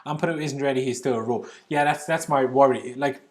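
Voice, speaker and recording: A man's voice: mid-range voice, brisk, a little mellow. A young man hosting a live stream, chatty and opinionated as he reads and answers chat questions. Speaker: YouTube channel host. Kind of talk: live stream Q&A about football.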